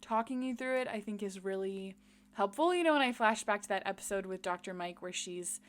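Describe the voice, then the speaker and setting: A woman co-hosts a podcast in a casual, animated voice. She recaps a story with easy enthusiasm and a ready laugh. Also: mid-range voice. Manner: chatty, animated retelling, quick to laugh. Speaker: podcast co-host. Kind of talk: casual chat recapping a TV episode.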